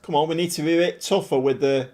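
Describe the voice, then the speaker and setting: A middle-aged man commentating live on his football management game, animated and often shouting at his players. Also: a little high, fast talker. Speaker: game streamer.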